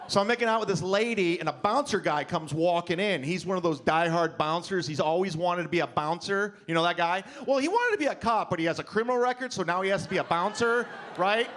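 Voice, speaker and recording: A man telling a stand-up story on a comedy club stage in a deadpan storytelling way, acting out quotes. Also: high voice, fast talker, hardly any pauses. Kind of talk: stand-up set. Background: audience laughter.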